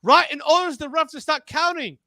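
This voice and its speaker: High-pitched, bright-voiced man calling wrestling. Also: a little fast, dry recording. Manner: rambling, animated, stumbles over words. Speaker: wrestling commentator. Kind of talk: excited play-by-play commentary.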